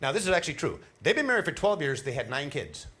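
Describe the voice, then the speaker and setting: Animated middle-aged male stand-up comedian. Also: a little high, fast talker. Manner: animated storytelling with laughs and put-on voices. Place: cruise ship show lounge.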